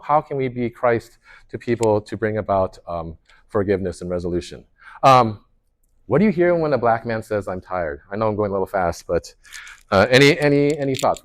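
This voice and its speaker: A man, a pastor, leading a workshop in a conversational way, telling stories with lots of restarts and fillers. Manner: animated storyteller, lively pitch swings, many restarts and fillers.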